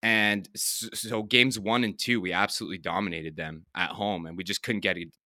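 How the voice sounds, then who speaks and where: A man's voice: low-pitched, fairly even intonation, moderate pace, bright, forceful tone, no echo, studio quality. A young man, a pro hockey player, telling stories in a laid-back, profane way on a podcast and laughing as he goes. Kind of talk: casual storytelling chat.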